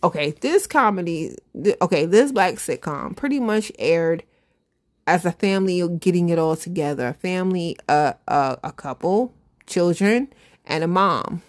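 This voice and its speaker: Chatty, animated woman podcast host. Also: on the low side, moderate pace. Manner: chatty, animated, laughs often, talks to listeners directly. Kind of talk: casual solo commentary.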